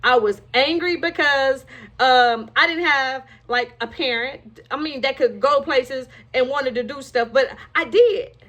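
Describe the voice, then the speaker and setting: High, bright-voiced woman telling her story. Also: measured pace. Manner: emotional, frank storytelling with rueful laughs. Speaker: storyteller sharing her life. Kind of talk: candid personal testimony.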